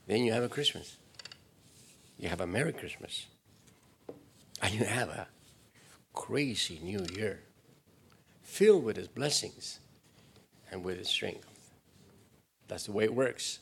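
A man preaching a sermon to his church, swinging between loud emphatic lines and hushed prayerful ones. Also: lowish voice, animated, unhurried, creaky, pauses often, a little hiss or hum. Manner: switches into Spanish for an acted aside. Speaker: pastor.

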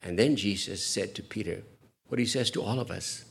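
A middle-aged man preaching a sermon in a church, conversational and warm to the congregation, often repeating words and dropping in short Spanish phrases. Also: on the low side, moderate pace, creaky, husky. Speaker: pastor.

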